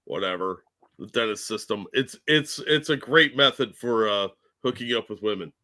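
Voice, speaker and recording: A man's voice: lowish voice, normal speed, sharp tone. A man co-hosting a podcast in casual chat, mocking and nerdy, often laughing. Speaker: podcast co-host.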